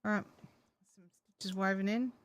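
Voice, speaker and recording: A woman's voice: mid-range voice, steady tone, moderate pace, a little hiss or hum. An Australian woman chatting to herself and her dog while knitting in a casual crafting vlog. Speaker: crafting vlogger.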